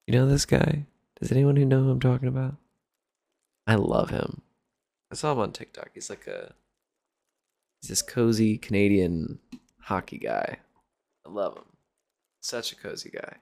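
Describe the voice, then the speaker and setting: A man with a gravelly voice streaming a farming game, chatting loosely with viewers. He cracks jokes, swears freely and talks through every move as he figures things out. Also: medium pitch, expressive, unhurried, long pauses. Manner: jokey, swears often, thinks out loud. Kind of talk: casual Let's Play commentary.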